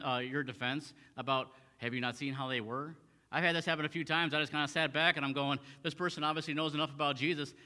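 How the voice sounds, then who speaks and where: A man's voice: a little high, pushed and bright, in a large hall. A man preaching a sermon as a pastor, reading scripture aloud and then restating it in plain talk with frequent fillers and repeated phrases. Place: church sanctuary.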